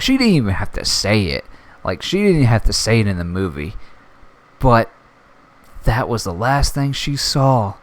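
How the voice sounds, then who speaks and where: Excited, rambling young man. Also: medium pitch. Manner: excited, rambling, swears often. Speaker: movie review vlogger. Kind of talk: casual solo movie reaction.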